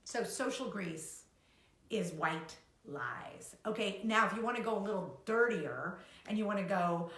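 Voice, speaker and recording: A woman co-hosting a live talk, animated and quick to act out little quoted voices, swearing freely. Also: fairly low pitch. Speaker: co-host, coach. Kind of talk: live-streamed casual talk. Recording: echoey room.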